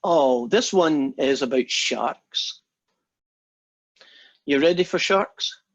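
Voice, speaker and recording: His voice is fairly high, expressive, and slow as he teaches math in a casual online lecture. The call audio is dull and lo-fi, and his chatty, joking delivery has lots of fillers and restarts.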